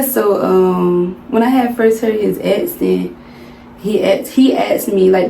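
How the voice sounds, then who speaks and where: Her voice lowish, creaky, and dark, a young woman from the Southern United States talks to her viewers in a chit-chat vlog and addresses them as y'all. The home recording sounds roomy, with faint noise behind her.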